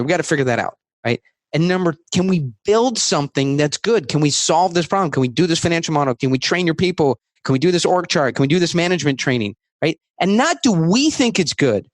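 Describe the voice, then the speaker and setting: A man talking as a guest on a podcast interview, emphatic and rapid-fire, acting out his sales talk. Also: a little high, expressive, dry recording.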